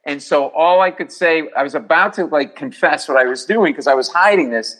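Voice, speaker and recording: A middle-aged man, a comedian, telling stories as a podcast guest in a lively way and acting out the other people's voices. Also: a little high, a little fast, low-quality recording. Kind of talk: podcast storytelling.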